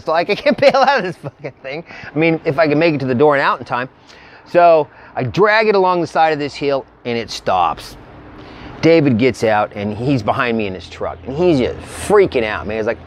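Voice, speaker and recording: A man spins a long road story in loose, slangy speech, swearing freely as he goes. His voice sits at an ordinary middle pitch. A faint hiss of ambient noise runs under the recording. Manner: rambling, profane, drawling storyteller with slangy grammar. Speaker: motorcycle travel vlogger. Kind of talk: casual storytelling.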